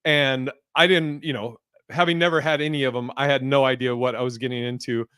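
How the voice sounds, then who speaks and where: A man's voice: medium pitch, fairly even intonation, fairly quick, fairly bright tone, clean tone, no room sound, studio quality. A man hosting a podcast in casual chat, joking, swearing freely, and rambling through fillers. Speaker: podcast host.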